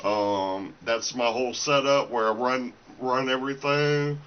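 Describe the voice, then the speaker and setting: A man's voice: mid-range voice, a little slow, clean tone, dull audio. A man vlogging casually from his small home recording room, rambling with lots of fillers and slightly out of breath. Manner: rambling, filler-heavy, restarts often. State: a little out of breath. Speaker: independent musician and small seller. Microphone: camera's built-in mic.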